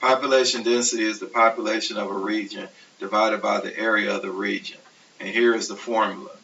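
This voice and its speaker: Distant gravelly man teaching a math lesson. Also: fairly low pitch, fairly quick. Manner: steady, methodical explaining, self-correcting. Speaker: math instructor. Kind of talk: recorded lecture over slides. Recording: distant, dull, hissy classroom recording.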